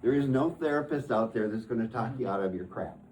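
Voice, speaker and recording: A man's voice: on the low side, animated, fairly quick, a little mellow, slight background noise. A man who works as a therapist, telling stories from his practice in an earnest conversational way and often restarting his phrases.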